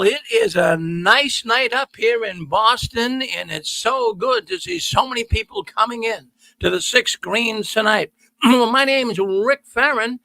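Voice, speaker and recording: A man's voice: high voice, vocal fry, sharp tone, no echo. A middle-aged man hosting a call-in show, talking to viewers in a folksy, emphatic way and repeating words for stress. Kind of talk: energetic monologue to viewers. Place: studio.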